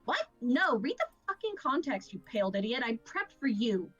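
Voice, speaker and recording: A woman's voice: a little high, big pitch swings, normal speed, a bit bright, breathy edge, highs cut off, soft background music, exaggerated voice. Woman doing a foul-mouthed brawling monk woman. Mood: snarling. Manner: crude, taunting, mock-archaic outbursts.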